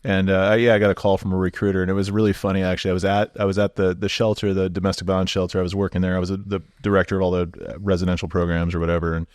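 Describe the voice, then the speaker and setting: A man in his forties from Southern California, a nonprofit director telling stories in a relaxed podcast conversation, with plenty of fillers. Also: deep voice, rapid-fire, few pauses, dry recording, studio quality. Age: 40s. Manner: relaxed storytelling, lots of fillers. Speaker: guest, nonprofit executive director.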